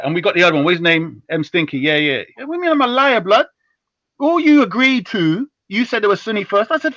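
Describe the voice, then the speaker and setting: A young man is holding forth on a live stream in slangy, teasing banter, his voice bright and a touch high. He jumps from loud bursts to low asides. The sound is dry and a little dull, like lo-fi stream audio. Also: no echo. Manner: animated, teasing, slangy, rapid switches between loud and low.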